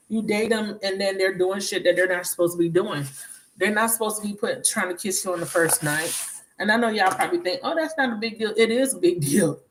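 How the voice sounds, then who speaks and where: A woman tarot card reader talking in a casual, blunt and profane way, telling stories with laughs in between. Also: lowish voice. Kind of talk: casual tarot reading monologue.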